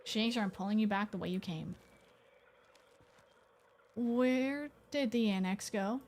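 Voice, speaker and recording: A woman's voice: mid-range voice, slow, darkish tone, slight background noise. A woman streaming a horror game, talking casually with lots of swearing and rambling asides. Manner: chatty, heavy swearing, rambling. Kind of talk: casual let's-play commentary.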